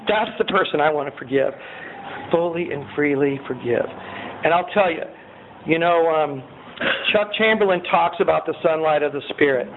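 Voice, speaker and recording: A man giving a personal testimony at a recovery meeting. He tells his story in an animated way, swinging from loud excitement to quiet earnestness. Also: fairly high pitch, normal speed. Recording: tinny lo-fi recording with faint hiss.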